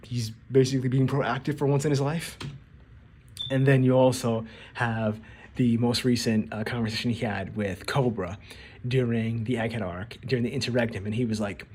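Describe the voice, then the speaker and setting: A man's voice: mid-range voice, steady tone, normal speed, darkish tone, slight background noise. A man giving casual video commentary on an anime, rambling and restarting his words as he acts out quotes.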